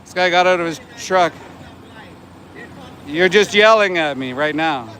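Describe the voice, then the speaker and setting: A vegan activist in his forties livestreams from a city sidewalk, speaking indignantly and repeating himself when challenged. His voice is on the high side, bright and forceful, and unhurried, with faint street traffic in the background.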